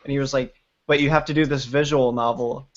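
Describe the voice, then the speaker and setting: A man with a stuffed-up, congested voice talks at an ordinary pitch, rambling through stories and swearing freely. The audio comes through slightly dull and muffled, as on a home stream. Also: fairly even intonation, brisk. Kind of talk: casual chat on a livestream.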